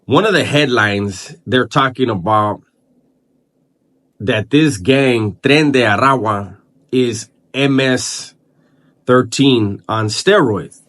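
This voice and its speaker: A man hosting a vlog gives casual commentary, thinking aloud haltingly, repeating words and restarting. His voice is mid-range with a fairly bright tone.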